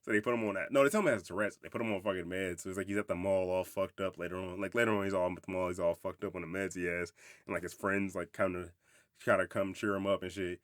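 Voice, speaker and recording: Fast-talking, rambling young podcast man. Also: low voice, fairly even intonation, fairly bright tone, no room sound, studio quality. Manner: rambling, profane, laughs often. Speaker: podcast host. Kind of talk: casual movie review chat.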